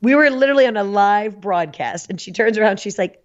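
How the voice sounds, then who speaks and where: A woman podcast guest chatting casually, telling animated stories and laughing often. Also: medium pitch, fast talker, hardly any pauses, lo-fi sound. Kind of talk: casual chat.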